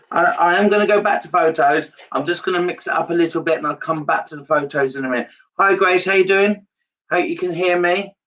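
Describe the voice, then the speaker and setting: A psychic medium giving a live-streamed reading to viewers, halting, repeating his phrases and turning emotional. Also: a little high, fairly bright tone, recorded from a distance, muffled recording.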